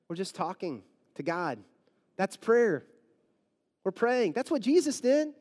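A pastor preaching a sermon in a rambling, conversational way, acting out sample prayers. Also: male voice, high-pitched, very animated, slow, long pauses, darkish tone, long reverb tail.

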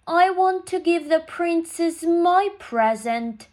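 A woman voicing a spiteful wicked female fairy in a children's storybook reading, with slow, drawn-out menace. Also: extremely high pitch, lively intonation, a little mellow, voice pushed up, full character voice. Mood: menacing.

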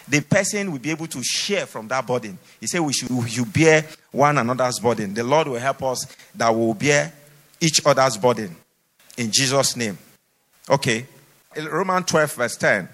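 A man's voice: mid-range voice, normal speed, a bit bright. A man preaching a sermon in a church, exhorting his listeners with emphatic, repeated phrases. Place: church hall. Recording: long hall reverb.

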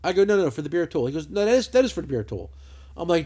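Brief: profane, animated man, podcast host, higher-pitched voice. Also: very fast, breathy edge. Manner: profane, rambling storyteller. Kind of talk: casual chat. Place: lounge, lying on a couch.

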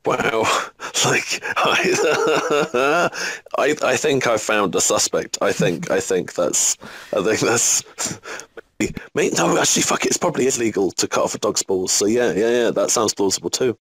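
Male podcast co-host, lowish voice, dry close sound, crude joker. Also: huge pitch swings, unhurried, a bit bright, slightly rough, no echo. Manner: crude, swearing, joking banter. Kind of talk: casual podcast chat.

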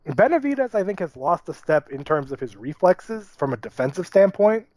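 A man's voice: high-pitched, big pitch swings, normal speed, a little mellow, no echo. A man co-hosting a podcast, breaking down a fight in a casual, opinionated and wry way. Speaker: podcast co-host. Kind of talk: casual sports chat.

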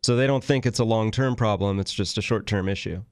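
A man with a smooth, resonant voice chats on a talk show, laughing easily and speaking his mind bluntly. The sound is close and dry, with no room echo around him. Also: fairly low pitch, fairly quick. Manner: laughs easily, frank opinions. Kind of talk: casual studio chat.

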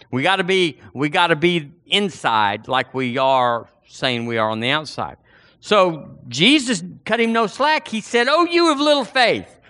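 A man preaching a sermon in a folksy, animated way, acting out the voices in the story. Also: on the high side. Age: 60s.

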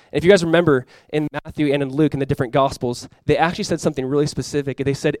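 A male pastor preaching a sermon in an animated way, acting out quoted voices and often repeating words as he goes. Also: fairly high pitch, fast talker, few pauses, no room sound.

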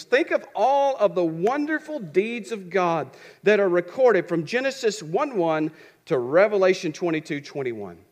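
A man preaching a sermon. He asks questions and answers them himself, and repeats phrases for rhythm. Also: high voice.

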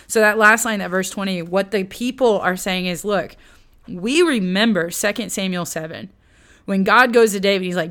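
A woman teaching the Bible in a casual, conversational way, with slangy asides and lively retellings. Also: mid-range voice, normal speed.

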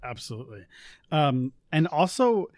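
A chatty man with a fairly high voice walks listeners through tabletop game rules. He talks in a relaxed way, full of fillers, on a dry, close recording. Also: no echo. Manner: chatty, with many fillers and quick asides. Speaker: co-host. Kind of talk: casual explaining of game rules.

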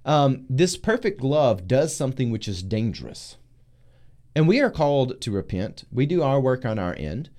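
A pastor talking through scripture in a casual discussion, acting out biblical figures with loud, slow emphasis. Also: male voice, medium pitch. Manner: animated, acts out voices of biblical figures loudly and slowly. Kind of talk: preaching in a casual group discussion.

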